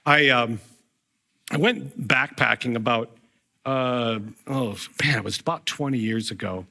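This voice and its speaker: Bright-voiced middle-aged male pastor. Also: medium pitch, measured pace, gravelly. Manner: conversational, anecdotal, frequent restarts. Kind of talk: sermon with personal storytelling.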